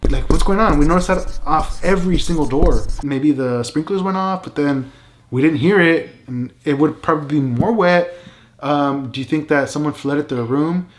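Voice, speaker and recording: Animated man telling a story, fairly high voice. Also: normal speed. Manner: animated, emphatic, many "like" and "right?" fillers. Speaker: vlogger. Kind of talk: casual storytelling.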